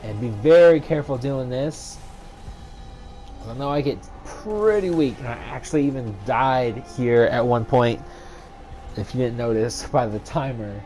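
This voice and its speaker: A man hosting a casual game walkthrough video, talking in a relaxed, chatty way with plenty of "you know" fillers. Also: mid-range voice, unhurried, soft background music. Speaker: gaming video host.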